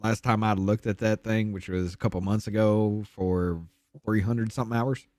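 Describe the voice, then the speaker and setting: A man in casual podcast chat, relaxed and wry, teasing the others. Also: fairly low pitch, moderate pace, dry recording, clean studio sound.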